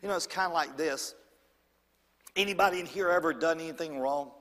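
A man preaching a sermon in church, swinging from loud and high to hushed and low. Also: a little fast, in a large hall. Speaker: pastor.

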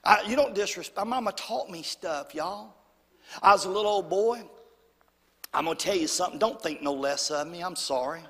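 A man from Alabama with a Southern US accent, telling folksy, humorous stories from the pulpit in an animated way. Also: high-pitched, moderate pace. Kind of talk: storytelling sermon. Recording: long hall reverb.

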